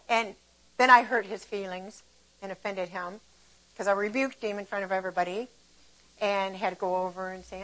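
An older woman leads a devotional Bible lesson in a relaxed, chatty way. She moves easily between explaining scripture and telling lively stories from her own life. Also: mid-range voice, fairly quick, low-quality recording. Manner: conversational and animated, shifting between warm explanation and lively retelling. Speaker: Bible teacher. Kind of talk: casual devotional teaching.

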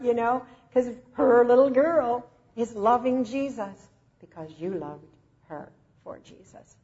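A woman preacher delivering a sermon in an emotive, slow and emphatic way, recorded with dull lo-fi sound. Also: a little high, dark tone.

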